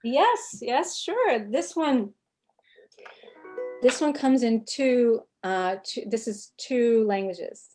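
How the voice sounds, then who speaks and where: A woman anthropologist telling a personal story on a video call, animated and often restarting her sentences. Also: a little high, slow, faint music behind. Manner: animated, self-interrupting storyteller. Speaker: anthropologist and author, guest.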